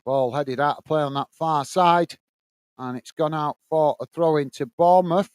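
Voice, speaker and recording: A man's voice: normal speed, smooth, no room sound. A man from the UK hosting a live football watch-along, calling the play steadily and chatting with viewers between moves. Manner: steady play-by-play, lifts pitch when greeting viewers. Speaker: watch-along host and commentator.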